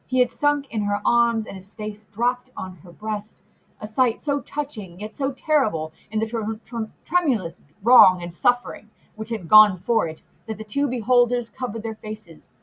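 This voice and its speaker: A woman narrating a classic novel as an audiobook, reading in a measured, expressive way. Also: on the high side, slightly rough, poor audio. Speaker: audiobook reader.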